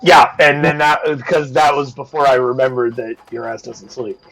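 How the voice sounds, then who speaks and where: A man's voice: medium pitch, steady tone, moderate pace, fairly bright tone, low-quality recording. A man running a live-streamed tabletop game as game master, talking loosely with lots of fillers and the odd swear.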